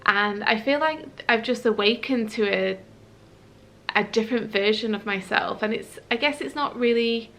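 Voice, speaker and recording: Earnest woman vlogging, gravelly and bright. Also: a little high, moderate pace. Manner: hesitant, searching for words, many fillers; earnest and heartfelt. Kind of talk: personal vlog, reflective sharing.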